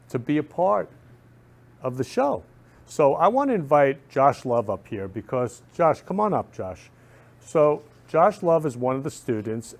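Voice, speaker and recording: A man hosting a talk show from a studio, gushing with affection as he keeps telling people he loves them. He speaks at an average pitch, and his delivery is repetitive and effusive. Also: a little mellow.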